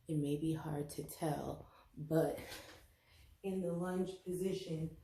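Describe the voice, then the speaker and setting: A woman's voice: low voice, mellow, reverberant. A woman giving a casual home demonstration as a health educator, chatty and apologetic, with many ums and restarts. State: out of breath.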